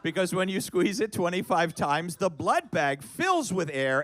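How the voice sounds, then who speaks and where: Animated middle-aged man telling a story. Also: high voice, a little slow, hardly any pauses. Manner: animated, building to loud shouts. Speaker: guest performer. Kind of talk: live cabaret storytelling. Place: cabaret club stage.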